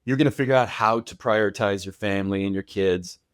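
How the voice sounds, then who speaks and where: A man of fifty speaks as a podcast guest, confident and reassuring as he tells stories. His voice is fairly low. The sound is close and dry. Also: brisk, clear, resonant tone, no room sound. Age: 50s. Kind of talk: casual interview chat.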